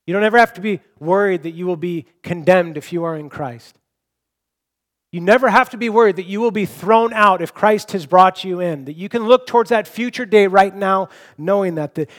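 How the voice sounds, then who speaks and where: High-voiced earnest male preacher. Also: normal speed. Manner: earnest, repeats words when he restarts, personal storytelling. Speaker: pastor. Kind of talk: sermon.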